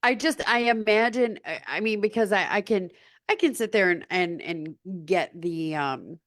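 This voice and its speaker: A woman's voice: medium pitch, normal speed, a bit bright, no echo, studio quality. A woman author being interviewed, chatty and self-deprecating, laughing often. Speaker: author guest. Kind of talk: casual interview chat.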